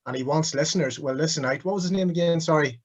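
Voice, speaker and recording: A man's voice: fairly high pitch, fast. A man in his thirties, a podcast guest, trash-talking with mock arrogance. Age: 30s.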